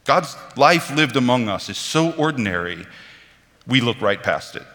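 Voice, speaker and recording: A man delivers a sermon in a chatty, animated manner, his pitch rising and falling widely. His tone is bright and forceful. The sound carries a long reverb, as in a large church hall. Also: moderate pace. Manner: animated, conversational, acts out quoted voices. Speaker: preacher.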